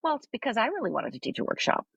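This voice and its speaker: A woman's voice: a little high, very animated, rapid-fire, gravelly, a bit bright, husky, no echo. A woman coach on a podcast interview, telling a story animatedly and often adding "right?". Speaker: life coach guest.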